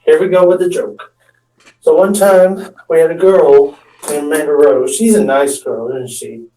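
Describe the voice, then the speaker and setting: In a fairly high, warm voice, a man speaks at a measured pace with a steady tone. The amateur stand-up storyteller rambles through a comic story about his friends, restarting and mimicking their words, recorded with a far-off mic in an echoey space.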